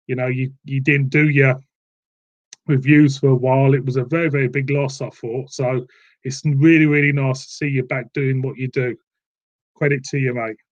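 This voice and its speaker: Rambling southern English beer-stream host. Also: male voice, medium pitch. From southern England. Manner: rambling and repetitive, calls viewers "mate". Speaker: beer reviewer hosting a live stream. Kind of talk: casual live-stream chat.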